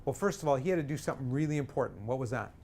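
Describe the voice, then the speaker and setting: A man teaching a singing lesson in front of an audience, coaching with lively talk and breaking into sung examples. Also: medium pitch, very fast, gravelly, slight background noise.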